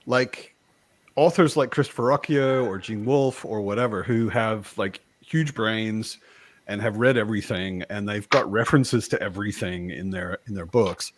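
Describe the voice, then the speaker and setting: A man born in the United States hosting a casual live chat, talking in an animated way with frequent restarts. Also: lowish voice, moderate pace. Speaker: host.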